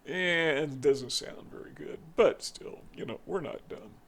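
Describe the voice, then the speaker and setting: A man's voice: fairly high pitch, measured pace, fairly bright tone. A man hosting his own channel, talking in a rambling, conversational way with frequent restarts. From northern United States. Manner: rambling, self-correcting, conversational. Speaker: channel host. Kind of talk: casual monologue to camera.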